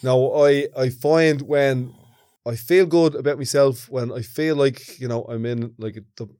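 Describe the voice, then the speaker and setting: A man's voice: medium pitch, fairly even intonation, measured pace, mellow, dry recording, studio quality. A man from Ireland, co-hosting a podcast, jokey and chatty. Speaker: podcast co-host. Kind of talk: casual banter.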